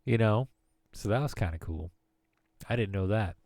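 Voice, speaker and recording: A man's voice: on the low side, normal speed, darkish tone, no room sound, clean studio sound. A man in his late thirties, from the former Soviet Union, streaming from home and chatting in a rambling way, often laughing and restarting sentences. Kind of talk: casual rambling chat.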